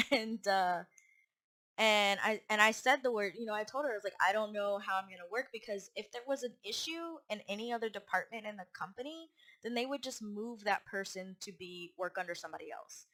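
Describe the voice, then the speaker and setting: Woman vlogger with a bright, sharp voice, casually telling a rambling story full of restarts. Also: mid-range voice, animated, fairly quick. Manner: rambling, with restarts and acted-out quotes.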